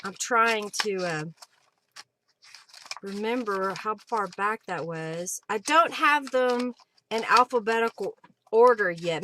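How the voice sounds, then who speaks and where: A woman hosts a live craft demo from her desk at home. She talks in an unhurried way, rambling and thinking aloud as she goes. Her voice sits a little high, with faint noise in the background. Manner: chatty and rambling, thinks aloud while searching. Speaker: host of a live crafting stream. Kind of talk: casual live demo chat.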